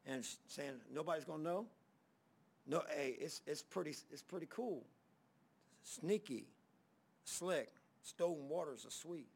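A man's voice: a little high, expressive, measured pace, vocal fry, long pauses, breathy edge. A man preaching a folksy sermon as pastor, reading scripture aloud between stories.

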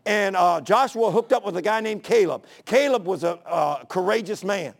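Male preacher, high gravelly voice, folksy and fervent sermon delivery. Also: animated, normal speed. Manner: folksy, fervent preaching with plain everyday talk.

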